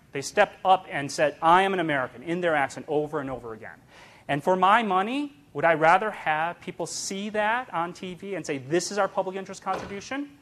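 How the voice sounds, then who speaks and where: A man delivering a public talk, animated and emphatic. His voice sits a little high, and he keeps checking in with the audience with "right?" while stumbling through the odd "uh". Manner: animated, emphatic, frequent "right?" tags and fillers. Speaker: speaker giving a public talk. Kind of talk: lecture with audience.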